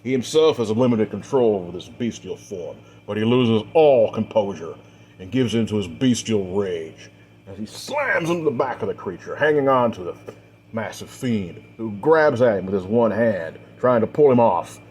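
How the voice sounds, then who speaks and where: A man with a low voice narrates a dark fantasy story, swelling in force on the action beats. He strings events together with repeated linking phrases, and a faint hum sits under the recording. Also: expressive, normal speed. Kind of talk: dramatic fiction narration.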